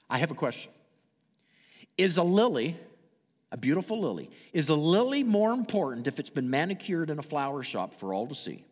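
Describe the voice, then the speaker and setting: A Canadian man preaching a sermon and telling stories, swinging dramatically between loud and hushed delivery. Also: fairly high pitch, big-room sound. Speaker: pastor. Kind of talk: sermon with storytelling.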